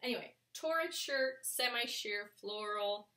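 Woman reseller, unhurried and rambling, crisp bright tone, recorded from a little way off in a roomy space. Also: fairly high pitch, expressive. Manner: chatty and rambling, with many fillers. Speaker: clothing reseller showing a thrift haul. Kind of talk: casual vlog chat. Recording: echoey room, mic at a distance.

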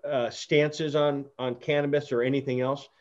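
A man hosting a casual interview over a video call, telling an earnest story full of restarts and fillers. His voice sits at an ordinary pitch. The audio sounds a bit dull and lo-fi. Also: little pitch movement, normal speed. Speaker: podcast host.

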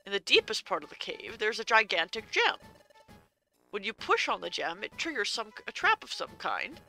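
A woman's voice: mid-range voice, huge pitch swings, normal speed, creaky, pushed and bright, faint music behind, exaggerated voice. A woman voicing a fussy, pompous male bird steward from a game, bossy and formal, reading the game's dialogue aloud. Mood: questioning.

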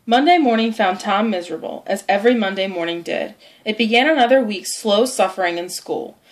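A woman narrating a storybook chapter in a clear, measured, expressive reading. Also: mid-range voice. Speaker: audiobook narrator.

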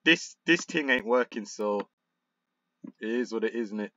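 A young man commentating on a football management game, frustrated and excitable, muttering one moment and shouting the next. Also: lowish voice, normal speed, muffled recording, a little hiss or hum. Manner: frustrated, excitable, swings between muttering and outbursts. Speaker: gaming YouTuber.

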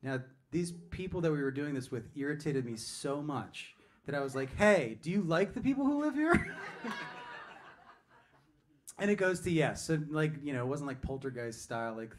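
A man's voice: mid-range voice, expressive, brisk. Male singer-songwriter, chatty and digressive, live stage banter. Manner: chatty and digressive, self-interrupting, joking. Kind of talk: rambling storytelling between songs. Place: music venue stage.

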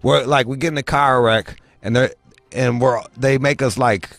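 Brief: brash male podcast host, crude storyteller, mid pitch, dry studio sound. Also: normal speed, dry recording. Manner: profane, animated, mimics people in high voices.

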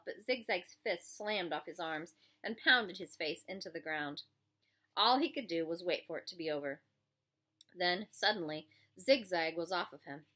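Woman reading a novel aloud, bright and lively. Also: on the low side. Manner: expressive storytelling. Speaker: reader.

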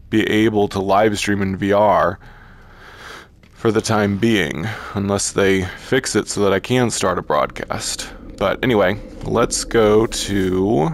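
A man commenting on a virtual reality game as he plays it, talking slowly and haltingly and gushing over the sights. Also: fairly low pitch, no room sound. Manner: slow, halting, awestruck. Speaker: gaming YouTuber. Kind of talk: VR gameplay commentary.

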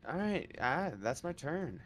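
A man's voice: fairly high pitch, very animated, unhurried, faint music behind. A man playing in a live tabletop game, bantering in a slangy, laid-back way. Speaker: player. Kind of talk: casual tabletop game play.

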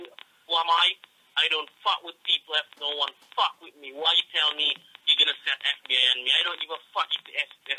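A man with a Jamaican accent rants and threatens down the phone, swearing at nearly every turn. His voice sits a little high and rings very bright and sharp. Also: slightly rough, poor audio. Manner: profane, threatening, ranting. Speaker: phone scammer. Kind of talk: angry phone call.

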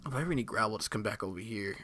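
A man giving live, excitable gameplay commentary, talking to himself, swearing and reacting loudly as he plays. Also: lowish voice, very fast, slight background noise.

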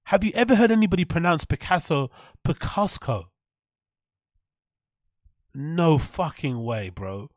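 A man's voice: fairly high pitch, very animated, moderate pace, few pauses, dry recording, studio quality. A man hosting a reaction video, laughing often and gleefully repeating mispronounced names. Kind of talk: reaction commentary.

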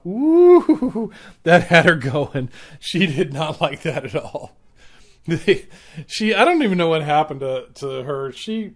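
Male podcast host, slightly higher voice, swears a lot, casual rambling storyteller. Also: expressive, measured pace, a bit bright. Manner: profane, rambling, laid-back.

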